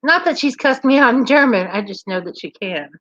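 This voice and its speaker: A woman's voice: on the high side, lively intonation, brisk, a bit bright, dry recording, muffled recording. A woman from Kentucky with a mild Southern accent, hosting a casual livestream and chatting playfully while reading out viewer comments. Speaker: livestream host.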